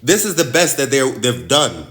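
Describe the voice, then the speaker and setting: Nigerian man, vlog host, impassioned and preachy, bright forceful voice, repeats phrases. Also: medium pitch, sing-song, moderate pace. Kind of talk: passionate commentary vlog.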